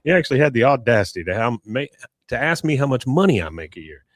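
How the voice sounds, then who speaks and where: A man's voice: mid-range voice, big pitch swings, fast, dry recording, studio quality, natural voice. A man voicing a stiff, prudish middle-aged father who lectures sternly about manners.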